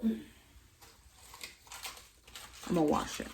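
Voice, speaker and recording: A woman's voice: very slow, a little mellow, a little hiss or hum. A woman, a mother, filming a casual grocery haul vlog in her home kitchen on a camera mic, chatting straight to her viewers and saying y'all. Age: adult, mother of four. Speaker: family vlogger.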